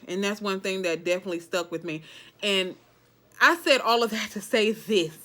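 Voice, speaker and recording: Woman, Southern accent, casual vlog talk, emphatic, crisp bright tone. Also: mid-range voice, a little fast. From Alabama, US. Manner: chatty, emphatic, keeps saying okay, dialect grammar. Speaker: vlogger. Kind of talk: casual motivational talk to camera.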